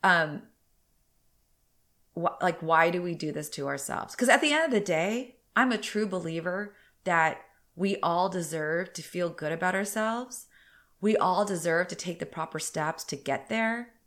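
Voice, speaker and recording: On a solo podcast, a woman in her thirties chats in a candid, meandering way, a little congested. Her voice sits on the low side, unhurried and fairly bright.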